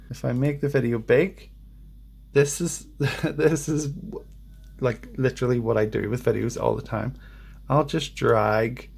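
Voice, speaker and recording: A man with a mid-range, gravelly voice talks through his screen in a casual how-to vlog. His manner is easygoing and self-deprecating, with rambling asides. He turns hesitant and careful when he sounds out unfamiliar words. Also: medium pitch, darkish tone. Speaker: language learner vlogger. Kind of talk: casual screen-share tutorial. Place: at a home computer.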